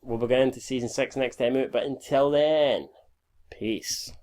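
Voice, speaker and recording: A man's voice: medium pitch, steady tone, a little fast, a little mellow. A man in his twenties talking over his own gameplay at a home desk mic, sweary and easygoing. He sounds tired from recording at five in the morning, and he trips over words as he goes. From Scotland. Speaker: gaming YouTuber. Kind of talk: casual gameplay commentary.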